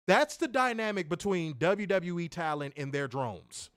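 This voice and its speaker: Lively high-voiced ranting man. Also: normal speed, clean tone, no room sound, studio quality. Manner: emphatic, profane, mocking. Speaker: podcast host reviewing wrestling. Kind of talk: casual ranting review.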